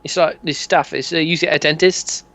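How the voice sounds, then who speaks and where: A man's voice: on the high side, fairly even intonation, normal speed, fairly bright tone, pitched above the performer's own voice. A man voicing a pushy, sleazy male fixer who keeps nudging and saying "mate", on dull lo-fi audio. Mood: wheedling. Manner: wheedling, nudging, full of "mate" and "eh".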